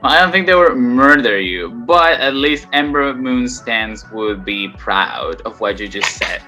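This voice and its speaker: A host talks through a ranked list in a measured, steady way. The voice sounds bright and forward. Soft music sits faintly behind. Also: mid-range voice. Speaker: channel host. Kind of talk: casual wrestling commentary.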